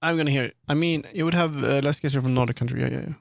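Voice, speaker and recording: Creaky Swedish-accented male streamer. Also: mid-range voice, rapid-fire, no room sound, clean studio sound. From Sweden. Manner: rambling, self-amused, with many restarts. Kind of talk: casual livestream chat.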